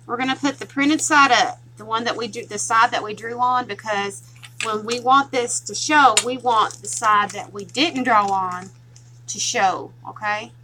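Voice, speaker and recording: A woman's voice: on the high side, unhurried, sharp tone, a little hiss or hum, low-quality recording. A woman from Tennessee with a strong Southern twang, chatting casually and laughing often while she walks viewers through a craft project. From Tennessee, USA. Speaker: craft tutorial host.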